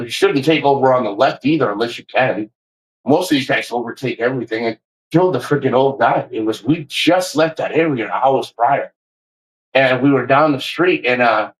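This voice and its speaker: A man ranting to camera in a passionate, energetic, heavily profane way, rambling and restarting as he makes his points. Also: mid-range voice, rough recording. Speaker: vlogger. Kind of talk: casual rant to camera.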